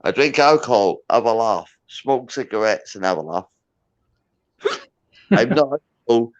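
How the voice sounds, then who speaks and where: A man's voice: medium pitch, animated, a little slow. A Scottish man, tipsy with hiccups, rambling in boisterous drunken banter as a guest on a livestream. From Scotland. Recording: dull lo-fi sound.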